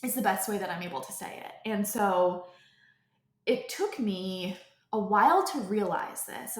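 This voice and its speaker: Chatty rambling woman in an echoey room. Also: mid-range voice. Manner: rambling, many filler likes and restarts. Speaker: podcast host. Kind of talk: off-the-cuff personal storytelling.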